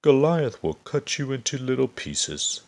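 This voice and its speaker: A man's voice: medium pitch, very animated, measured pace, pitched above the performer's own voice. A man voicing a doubtful older king who exclaims in disbelief in a storybook reading. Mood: incredulous. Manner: incredulous, exclaiming.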